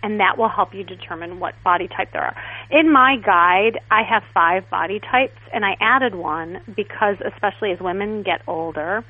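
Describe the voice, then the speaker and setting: A woman guest stylist in a casual interview, telling stories in a chatty, animated way. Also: medium pitch, normal speed. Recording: tinny phone line.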